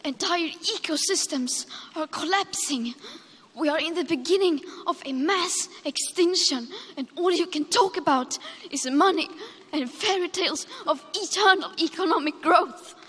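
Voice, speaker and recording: High, slow, accusing young woman. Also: a bit bright, long reverb tail. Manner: accusing, emotional. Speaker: climate activist giving a speech. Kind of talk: formal speech.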